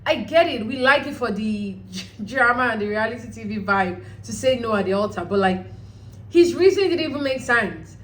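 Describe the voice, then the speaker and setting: Woman host, fairly high voice, chatty, blunt recap commentary. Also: moderate pace, low-quality recording. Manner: animated, chatty, blunt with casual swearing. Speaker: host of a reality show recap channel.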